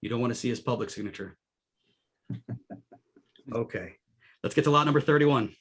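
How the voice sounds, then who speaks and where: A man's voice: mid-range voice, moderate pace, fairly bright tone, husky. A man hosting a casual panel chat, joking and steering the talk. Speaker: host.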